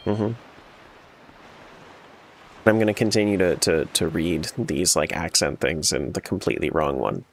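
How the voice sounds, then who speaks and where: A man's voice: sits low, measured pace, creaky, pauses often, slight background noise. A man streaming a randomizer game, chatting casually and joking with his chat as he plays. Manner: joking, animated, talks back to chat.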